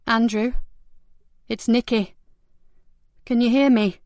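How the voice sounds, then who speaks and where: A woman's voice: fairly high pitch, steady tone, slow, darkish tone, dry recording, pitched above the performer's own voice. A woman voicing a determined female detective who speaks urgently and pleads to be heard.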